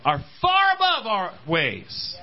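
A man's voice: high voice, takes it slowly, lo-fi sound. A man preaching a sermon at a church service, calling out to the congregation. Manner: animated preaching, calls out to congregation. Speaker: pastor.

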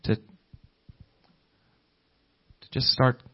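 A man's voice: fast talker, muffled recording. A man preaching a sermon, often restarting his words and building in fervor. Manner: repetitive restarts, rising fervor.

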